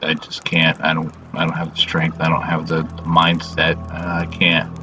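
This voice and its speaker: A man hosting a casual confessional vlog, weary and subdued, talking haltingly with lots of "you know" fillers and frequent swearing. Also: extremely low pitch, monotone, music in the background, poor audio. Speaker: channel host.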